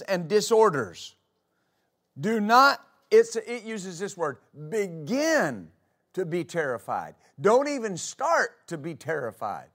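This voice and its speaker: A man's voice: high-pitched, fairly bright tone. A man preaching a sermon as pastor, reading scripture aloud and asking his congregation rhetorical questions. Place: church.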